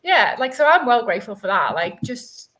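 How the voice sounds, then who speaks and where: A woman's voice: a little high, very animated, normal speed, a bit bright, slight background noise, poor audio. A woman chatting on a video call to a live stream, bubbly, with lots of "like" fillers. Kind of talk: casual chat.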